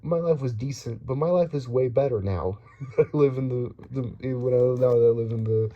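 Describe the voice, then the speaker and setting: A man's voice: mid-range voice, moderate pace, dull audio. A young man from the Dominican Republic ranting casually about politics, rambling with many restarts, swearing and nervous laughs. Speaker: vlogger.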